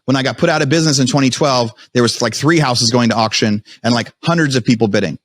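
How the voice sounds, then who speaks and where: A man as a podcast guest, telling his story in a fast, animated way with many restarts. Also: mid-range voice. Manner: fast, animated retelling with frequent restarts and quoted self-talk.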